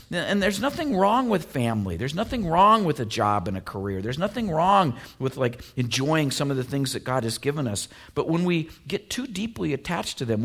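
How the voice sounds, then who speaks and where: A man preaching a casual, conversational sermon, full of fillers and lively asides. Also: fairly high pitch, vocal fry, breathy edge. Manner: conversational, animated, many fillers like "you know" and "like". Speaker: pastor.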